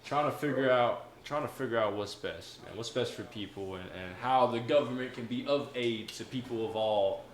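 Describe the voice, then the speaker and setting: A man's voice: mid-range voice, moderate pace, hardly any pauses. A man hosting a podcast, talking in a laid-back, reflective, easygoing casual chat. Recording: roomy room.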